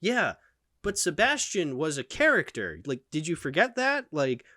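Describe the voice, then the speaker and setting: Opinionated male host, animated delivery, dry mic sound. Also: a little high, moderate pace, no room sound. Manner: animated, opinionated, lots of fillers. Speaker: channel host. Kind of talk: casual film discussion.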